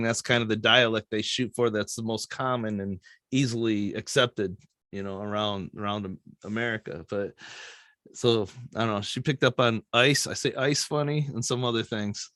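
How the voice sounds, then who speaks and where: Casting: Michigan-accented man, bright, forceful tone, dry close mic, jokey podcast guest. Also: medium pitch, no echo. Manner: joking, laughs often, profane. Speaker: podcast guest, recording producer. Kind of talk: casual chat.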